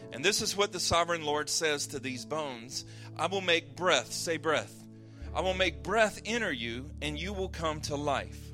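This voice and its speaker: A male pastor with a fairly high, bright, forceful voice delivers a sermon. He reads scripture in an earnest, measured way and explains it casually, with soft guitar playing behind him. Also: expressive. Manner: conversational with fillers and restarts.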